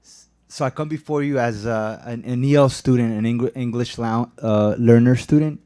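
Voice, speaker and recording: A man making a public comment at a school board meeting, earnest and halting, with many fillers and restarts. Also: medium pitch, dark tone, clear, resonant tone. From immigrant.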